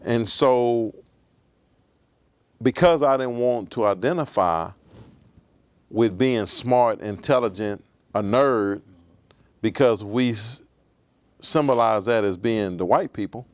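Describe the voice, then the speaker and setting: Low-voiced man telling his life story. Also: clean tone, no echo. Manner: reflective, measured storytelling. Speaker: interview guest. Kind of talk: storytelling in an interview.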